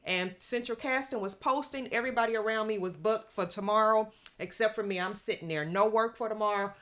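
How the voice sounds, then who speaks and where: A woman's voice: medium pitch, brisk, fairly bright tone. A woman, a guest background actor, telling her story in an easygoing way. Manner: easygoing, laughs as she tells. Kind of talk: casual storytelling.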